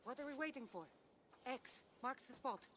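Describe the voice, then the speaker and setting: A woman's voice: high voice, moderate pace, a bit bright. An actress playing an ageless wandering woman warrior in a video game, wry and teasing, asking playful, probing questions. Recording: game audio with clear background noise.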